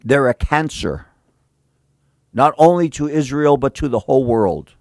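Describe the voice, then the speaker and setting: A male pastor preaching a conversational sermon, mixing slang with Bible reading and swinging between emphatic and hushed delivery. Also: medium pitch, lively intonation, a little slow, no room sound, studio quality.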